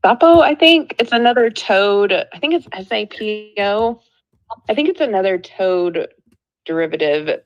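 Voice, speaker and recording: A woman's voice: mid-range voice, lively intonation, a little slow, muffled recording. A woman joining a live talk as a guest, speaking earnestly and reflectively. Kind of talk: casual conversation.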